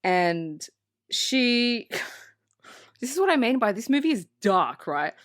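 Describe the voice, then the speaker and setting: A woman co-hosting a podcast in a casual movie review chat, excited and swearing freely as she acts out quotes. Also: fairly high pitch, slow pace, dry recording, studio quality. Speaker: podcast co-host. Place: podcast recording space.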